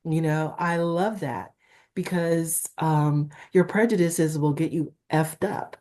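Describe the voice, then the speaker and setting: A woman's voice: low voice, steady tone, slow pace, a little mellow. A middle-aged woman from Newark, a talent agent, talking candidly in an interview with a Valley-girl-like, emphatic delivery. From Newark, New Jersey, USA.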